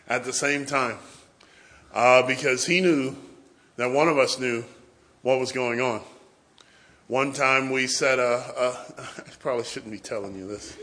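A man telling lively stories in a tribute to his pastor at a church service, acting out the quotes and laughing along. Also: medium pitch. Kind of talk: anecdotal storytelling speech.

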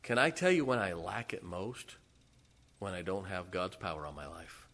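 A middle-aged male pastor delivering a sermon in a church, his voice bright and forceful. He talks to the congregation in a loose, conversational way, dropping asides and chuckling between points. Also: low-pitched, animated, moderate pace. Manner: conversational preaching with laughs and asides.

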